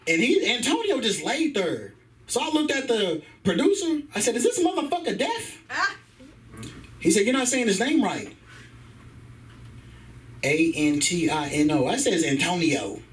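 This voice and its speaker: A man's voice: sits high, normal speed. A man doing a profane stand-up set at an open mic, telling a story and voicing the people in it, with a sore throat. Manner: profane, animated storytelling with voiced characters. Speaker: stand-up comedian. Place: comedy club stage. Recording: distant room mic with background noise.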